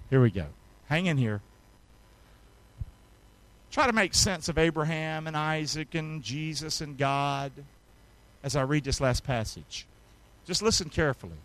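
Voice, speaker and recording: A male pastor with a high, bright voice delivers a sermon. He leads the congregation in call-and-response and reads scripture aloud. His delivery drops to near-whispers, then climbs to loud, ringing passages. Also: expressive, unhurried, pauses often, no room sound. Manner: call-and-response preaching, swings from hushed to loud.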